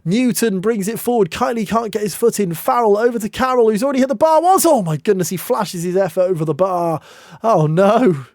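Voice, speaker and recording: A young man commentating on his own football management game, excitable, with groans and shouts at near misses and goals. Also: high-pitched, fairly quick, dry recording, clean studio sound. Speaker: gaming YouTuber.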